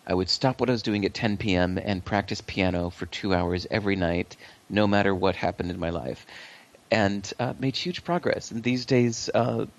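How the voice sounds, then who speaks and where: A man speaking as an interview guest, relaxed and reflective, often pausing to think mid-sentence. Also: fairly low pitch, creaky. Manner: relaxed, reflective, many fillers and restarts. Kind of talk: conversational interview.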